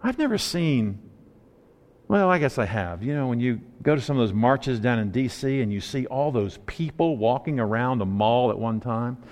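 A man preaching a sermon in a conversational, playful storytelling way, acting out characters' lines in quick asides. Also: medium pitch, a little mellow, long reverb tail.

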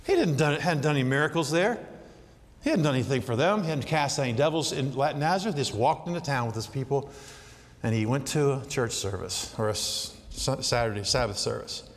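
A man preaching a sermon in a conversational, animated way, often asking his listeners questions. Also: medium pitch, fairly quick. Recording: long hall reverb.

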